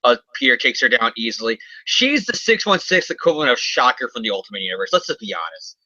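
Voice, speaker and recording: A man's voice: medium pitch, very animated, sharp tone, dry recording. A man co-hosting a comic book podcast, rambling casually and joking as he recaps an issue. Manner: rambling, jokey, does quick character voices. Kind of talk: casual comic review chat. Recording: dull, dry lo-fi audio.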